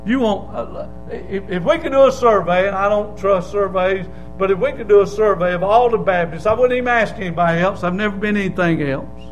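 A preacher with a notably high voice delivers a fiery sermon in a church. He drops into quiet asides, then climbs into loud hollering. Faint music plays behind him. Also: brisk, rough recording. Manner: hollering, swings from low asides to loud shouts. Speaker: Baptist preacher.

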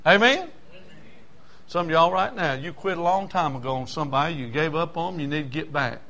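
An older man preaching with a drawl, his voice sitting a little high for a man. He tells stories quietly, then rises into fervent, shouting appeals to the congregation. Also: expressive, fairly quick. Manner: impassioned, swings from hushed to shouting. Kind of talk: sermon.

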